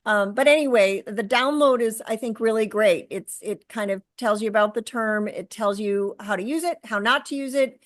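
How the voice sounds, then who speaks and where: A middle-aged woman speaking as a guest in an interview, earnest and halting, with frequent fillers and restarts. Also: fairly high pitch, dry recording. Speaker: guest, author and caregiver. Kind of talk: conversational interview.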